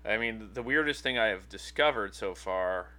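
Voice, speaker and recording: Speaking in a lowish, sharp-toned voice, this thirty-something man is animated but keeps a moderate pace. He co-hosts a podcast, rambling through casual chat with plenty of fillers and false starts.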